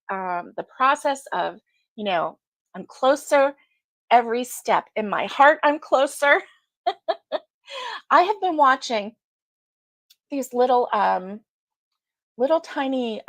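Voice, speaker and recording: A woman hosts a relaxed live stream, chatting with her viewers, calling them by name and laughing often. Her voice sits a bit high, and the sound is dry and close, with no room echo. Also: takes it slowly, pauses often. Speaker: livestream host. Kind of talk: casual live chat with viewers.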